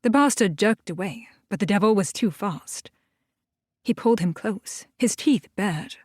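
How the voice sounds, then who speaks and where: A woman giving a steady first-person audiobook narration. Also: medium pitch, a little slow, dry recording, clean studio sound.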